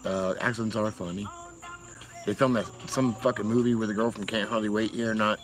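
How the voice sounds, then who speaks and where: Rambling and swearing with frequent laughs, a man from Massachusetts, USA chats casually on a livestream. His lowish voice stays steady in tone and moves at a brisk clip. The recording is rough, with music underneath.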